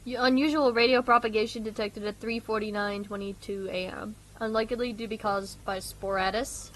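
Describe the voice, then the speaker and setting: A woman's voice: medium pitch, fairly even intonation, normal speed, slight background noise. A young woman streaming a horror game. She reads the on-screen text aloud and rambles in a casual, self-deprecating way while eating dinner.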